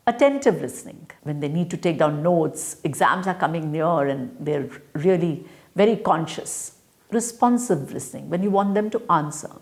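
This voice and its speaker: A woman giving a recorded lecture to teachers, explaining step by step in a deliberate way with frequent fillers. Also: sits low, lively intonation. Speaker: teacher educator.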